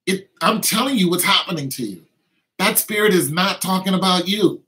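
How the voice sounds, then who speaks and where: An emphatic man delivering an informal sermon. His voice sits a little above the usual male pitch. He repeats points and slips into imitations of tempting voices, with phrasing. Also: moderate pace, bright, forceful tone, rough recording. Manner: emphatic, repetitive, acts out tempting inner voices. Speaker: preacher.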